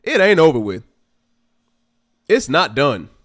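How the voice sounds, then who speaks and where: A young man hosts a casual football watch stream, reacting live to every play. His voice sits a bit high for a man and swings up and down constantly, from steady coaching advice to exasperated, shouted outbursts. He sounds close to a desktop streaming mic. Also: takes it slowly. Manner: animated, talks back at the game, rising to exasperated outbursts. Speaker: livestream host.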